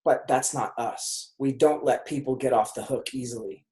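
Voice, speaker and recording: A man's voice: mid-range voice, moderate pace, darkish tone, echoey room. A man coaching on a team call, talking casually with lots of fillers and acted-out bits of dialogue. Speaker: sales coach.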